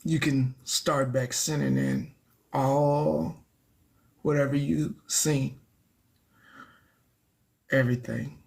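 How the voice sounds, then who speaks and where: Brief: male stream host, unhurried, gravelly, casual. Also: medium pitch, fairly even intonation, darkish tone. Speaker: livestream host. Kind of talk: casual live stream talk.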